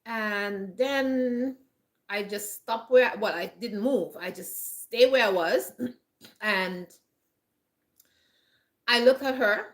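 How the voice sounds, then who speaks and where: A woman's voice: a little high, slow, pauses often. A woman vlogger giving earnest, chatty advice to camera, often repeating herself and restarting her phrases. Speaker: lifestyle vlogger. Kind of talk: casual advice talk to camera.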